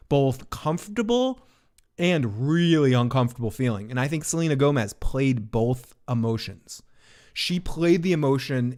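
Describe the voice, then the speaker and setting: A man giving a casual, rambling spoiler recap of a TV episode in his apartment, excitable and swearing, his pitch jumping when he gets worked up. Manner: rambling, restarts often. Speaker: TV recap reviewer.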